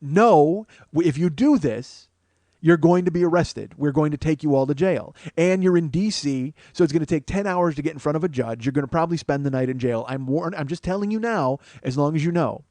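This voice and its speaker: A man voicing a tired, stern bike cop who repeats his warnings in a flat, patient tone. The sound is dry and close. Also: fairly high pitch, a little fast, dry recording, close to an everyday voice.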